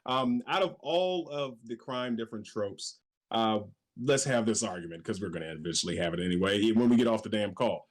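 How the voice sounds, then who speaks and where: A man's voice: on the low side, fairly quick. A man hosting a casual podcast, swearing freely and joking with his friends. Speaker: podcast host. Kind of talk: casual chat.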